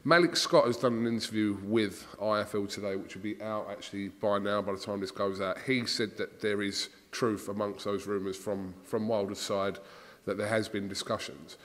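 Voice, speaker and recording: A man's voice: fairly low pitch, steady tone, normal speed. A man hosting a podcast interview, chatting along as he sets up his questions. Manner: conversational, setting up questions. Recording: long reverb.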